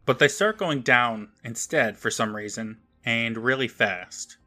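A man's voice: medium pitch, a little slow, pushed and bright, faint music behind. A man co-hosting a podcast, recapping an episode with sarcastic asides. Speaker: podcast co-host. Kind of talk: casual recap chat.

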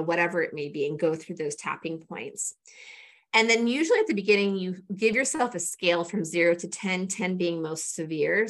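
A guest energy coach with a lowish, fairly bright voice goes through a tapping routine, showing and explaining each step. Her tone is casual and conversational, and she uses many fillers.

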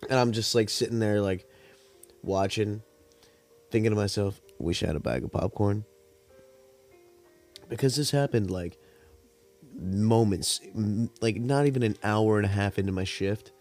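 Young man, podcast host, rambling, profane, slightly low voice, relaxed storytelling. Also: moderate pace, soft background music. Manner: rambling, profane, laid-back. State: cotton mouth, high. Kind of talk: casual storytelling monologue.

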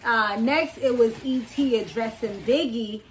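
Young woman podcast host, casual reality TV recap, high-ish voice, chatty and excitable with slang. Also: a little slow, a little hiss or hum, poor audio. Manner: animated, slangy, laughs often, rambling side notes.

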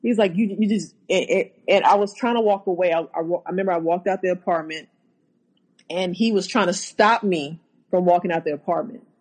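A woman, a guest on an interview show, recounting a personal story haltingly, with many restarts. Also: lowish voice, darkish tone, poor audio.

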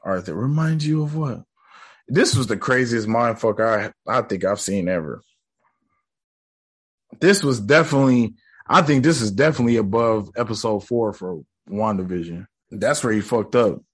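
A man casually recapping a TV episode, excitable and profane, acting out scenes in slangy speech. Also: fairly low pitch, moderate pace, slightly rough. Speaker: TV episode reactor.

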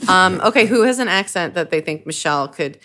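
A woman co-hosting a comedy podcast, teasing and quick to laugh in casual chat. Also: fairly low pitch, lively intonation, bright, forceful tone. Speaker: podcast co-host.

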